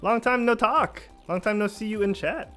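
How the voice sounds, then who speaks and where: A man hosting a casual gaming livestream, excitable, repeating himself and laughing often. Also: high-pitched, moderate pace, soft background music. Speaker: podcast host.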